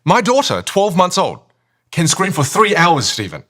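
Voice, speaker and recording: Man, voice coach, very lively pitch, energetic, emphatic, rhetorical questions. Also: moderate pace. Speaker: communication and voice coach, podcast guest. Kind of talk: animated explaining in a podcast interview.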